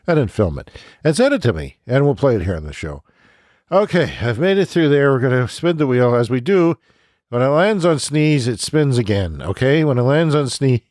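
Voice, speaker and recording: A man hosting a comedy podcast, rambling in a self-mocking, excitable way and laughing often. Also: mid-range voice, no echo, clean studio sound.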